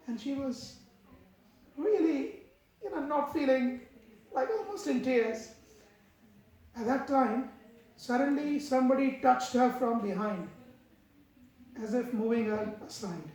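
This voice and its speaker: Man lecturer with a high voice, telling stories in a measured way, heavy hall echo. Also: a little mellow. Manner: measured, acts out quotes in the stories. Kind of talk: devotional lecture with storytelling. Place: temple hall. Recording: very echoey hall.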